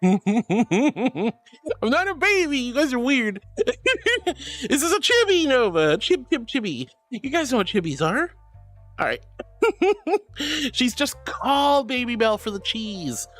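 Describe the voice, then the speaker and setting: A woman's voice: on the high side, sing-song, a little slow, no room sound, faint music behind. A woman streamer with a bubbly, giggly, affectionate manner, chatting casually and reading her chat aloud.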